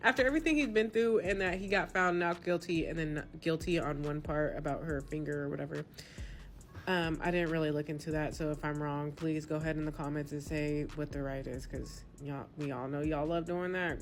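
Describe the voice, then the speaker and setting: Skeptical woman with a lower voice. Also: fairly quick. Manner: skeptical, easygoing. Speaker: commentator. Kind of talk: casual opinion talk.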